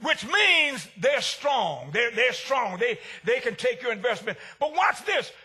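A male pastor preaching a sermon, swinging between shouted lines and hushed ones. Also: extremely high pitch, sing-song, a little slow, husky.

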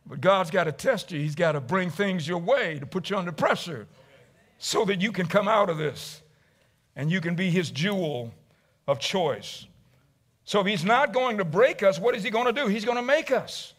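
A male pastor preaching a dramatic sermon, swinging from loud to hushed. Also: high voice, lively intonation, normal speed.

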